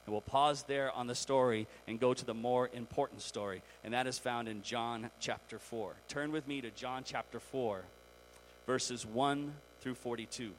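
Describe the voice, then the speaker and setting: A male pastor with a mid-pitched voice tells a story in lively fashion, dipping into the characters' voices as he goes. A faint hum sits under his preaching. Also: moderate pace, low-quality recording. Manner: animated storytelling, acting out the characters. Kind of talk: sermon.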